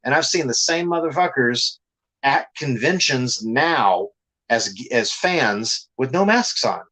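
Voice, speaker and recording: A man's voice: medium pitch, lively intonation, takes it slowly, pushed and bright, poor audio. A man, a comic creator, telling blunt, profane stories in a casual podcast chat.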